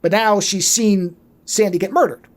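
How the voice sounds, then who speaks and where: Man, high voice, chatty podcast co-host, lively profane plot recap. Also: moderate pace. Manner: animated storyteller, swears freely. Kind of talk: casual movie recap.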